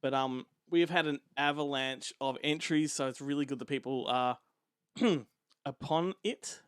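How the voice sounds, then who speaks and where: A man in a loose, easygoing podcast chat, with a voice of middling pitch for a man. He laughs often and stumbles through his points with fillers. The sound is dry and close, with no room around it. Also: moderate pace, a bit bright, clear, resonant tone, dry recording. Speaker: podcast co-host. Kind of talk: casual chat.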